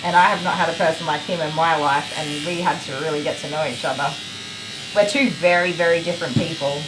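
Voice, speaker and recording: Australian woman groomer, rambling casual chat, low-ish voice, roomy echo. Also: fast, noisy background. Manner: chatty, rambling, laughs often. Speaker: dog groomer streaming live. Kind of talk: casual chat while working. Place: grooming salon. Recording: echoey room with loud clipper buzz.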